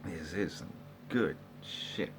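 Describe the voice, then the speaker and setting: A man's voice: low-pitched, takes it slowly, music in the background. An Australian man rambling sarcastically in a casual monologue, swearing and laughing to himself. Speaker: vlogger.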